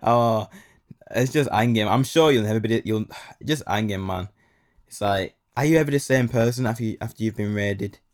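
A man's voice: fairly low pitch, moderate pace. A young man, telling a casual story full of slang and repeated phrases.

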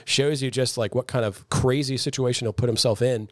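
A man's voice: medium pitch, fairly even intonation, a little fast, no echo, clean studio sound. A man co-hosting a podcast, recapping scenes in a rambling, casual way and laughing often. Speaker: podcast co-host. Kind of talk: casual chat.

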